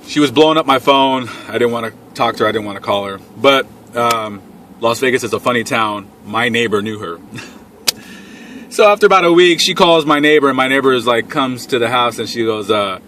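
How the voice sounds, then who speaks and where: A man's voice: medium pitch, fairly quick, a bit bright, a little hiss or hum. A young man telling a crude personal story straight to camera, blunt and full of swearing. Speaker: vlogger. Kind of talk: casual storytime.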